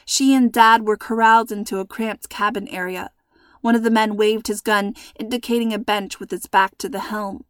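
A woman reading a scripted children's storybook in a measured, suspenseful manner, close to the mic. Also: mid-range voice, steady tone, smooth, dry recording. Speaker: narrator.

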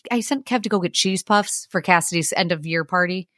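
A woman's voice: lowish voice, brisk, fairly bright tone, dry recording, clean studio sound. A woman in her thirties co-hosting a podcast, chatting casually, swearing freely and acting out stories. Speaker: podcast co-host. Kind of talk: casual chat.

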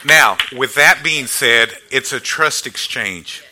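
A man preaching to his congregation as pastor, speaking in a slow, deliberate way. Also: mid-range voice, noisy background. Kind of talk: sermon.

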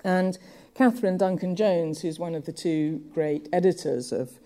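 Low, dark-voiced woman lecturing on poetry. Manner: measured, thoughtful, with occasional fillers. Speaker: literature lecturer.

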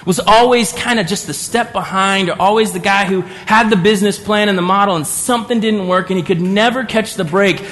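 A male pastor telling a parable in a sermon, vivid and imaginative, swinging between loud and hushed. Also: sits high, long reverb tail. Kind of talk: sermon storytelling.

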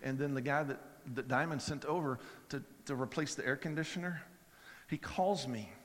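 A male pastor preaching in a relaxed, chatty way and stumbling over repeated words at the start of sentences. His voice sits at an ordinary middle pitch. A long reverb trails after every phrase, as in a large hall. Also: moderate pace. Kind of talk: sermon with storytelling.

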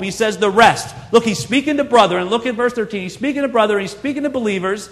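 A man's voice: sits high, fast talker, few pauses, in a large hall. A man preaching a sermon as pastor, earnest and conversational, pressing his points with emphatic repetition.

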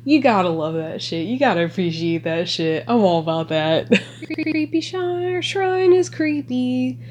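A woman talking casually as a podcast host, reacting excitedly and sarcastically to a movie with lots of swearing. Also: a little high, unhurried, slight background noise.

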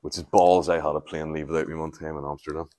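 Low-voiced Northern Irish man rambling. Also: little pitch movement, fast talker, mellow, dry recording. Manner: rambling, sweary, jokey storytelling. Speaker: podcast host. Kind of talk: casual solo podcast monologue. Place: at home, moving around the house doing chores.

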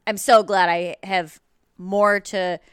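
A woman's voice: mid-range voice, steady tone, slow pace, clean tone, no echo, clean studio sound. A woman stand-up comedian as a podcast guest, talking candidly and self-deprecatingly, laughing easily. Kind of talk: casual interview chat.

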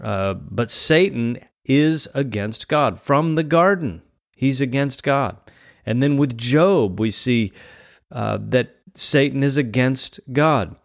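A man's voice: medium pitch, slow pace, gravelly, no room sound, clean studio sound. A man preaching a sermon, reading scripture aloud and explaining it earnestly, often repeating words as he goes.

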